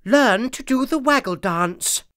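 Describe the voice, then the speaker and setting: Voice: medium pitch, lively intonation, measured pace, a bit bright, pitched above the performer's own voice. A narrator doing a bossy Queen bee. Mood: stern.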